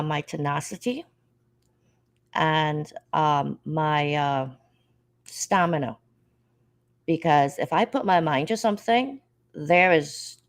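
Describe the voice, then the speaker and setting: A woman talking as a guest on a live panel chat, reflective and speaking with conviction. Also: low-pitched.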